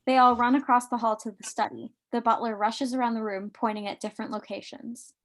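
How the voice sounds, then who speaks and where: Woman briskly reading stage directions. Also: on the high side, steady tone. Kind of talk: live script reading.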